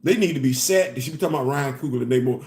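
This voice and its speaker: Animated man in an echoey room. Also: medium pitch, racing. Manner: animated, laughing, repeats phrases. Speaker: host. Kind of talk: casual commentary.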